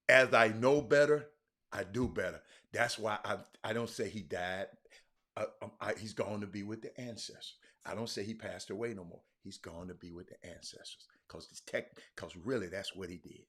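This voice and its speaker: A man hosting a live sports talk show, chatting with viewers by name, animated and repeating words as he goes. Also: fairly low pitch, moderate pace. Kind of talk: live-stream chat with viewers.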